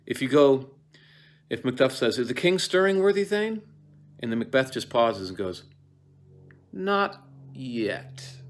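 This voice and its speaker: A man's voice: on the low side, fairly bright tone. A man giving a casual lecture on a play, digressing often, with many fillers and restarts. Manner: acts out lines in quick quoted voices. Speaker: actor teaching Shakespeare.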